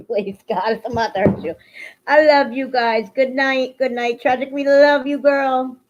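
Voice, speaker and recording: A woman's voice: sits high, steady tone, a little slow, darkish tone. A woman hosting a casual livestream, talking emotionally to her viewers and swinging into heated rants. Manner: emotional, swings into angry ranting. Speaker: livestream host. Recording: lo-fi livestream audio.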